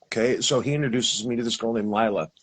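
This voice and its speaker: A man with a husky voice, telling his experience in a casual, rambling way, with restarts and acted-out quotes. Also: medium pitch, fast, low-quality recording. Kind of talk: casual storytelling.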